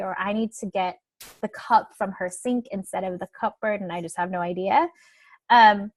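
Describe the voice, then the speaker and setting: In a medium-pitched voice with no room sound, a young adult woman coach talks through a webinar conversationally. She often ends her points with "like" or "right?"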